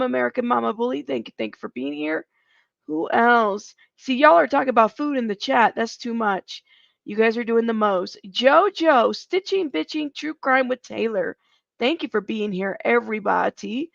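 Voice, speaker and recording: A woman hosting a live true-crime commentary stream, chatty and animated, laughing between lines, heard through a home streaming mic. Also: a little high, vocal fry, no room sound. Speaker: livestream host. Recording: dull lo-fi stream mic audio.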